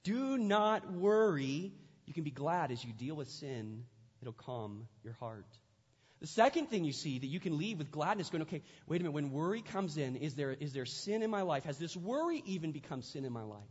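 A man's voice: fairly high pitch, big pitch swings, normal speed, darkish tone, slightly rough. A male pastor delivering a sermon in a conversational way, repeating his phrases for emphasis, recorded in a church sanctuary. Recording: echoey hall, dull lo-fi sound.

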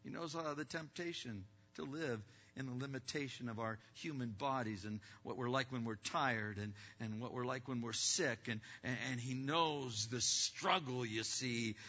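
A male pastor preaching a sermon, swinging from loud bursts to hushed, quiet passages and acting out distracted listeners in quick asides. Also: medium pitch. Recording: dull lo-fi sound with long hall reverb.

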